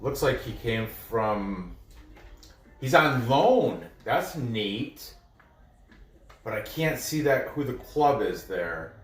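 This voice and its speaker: Slow and very animated, with long pauses, a medium-pitched man analyzes soccer fixtures for bettors, thinking out loud and getting names wrong. He's a sports betting analyst recorded from afar in a roomy space.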